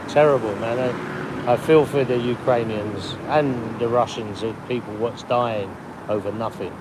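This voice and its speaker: A man's voice: mid-range voice, fairly even intonation, measured pace. A man chatting with strangers on a live stream while walking a city street. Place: city street outdoors with traffic. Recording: street noise and traffic.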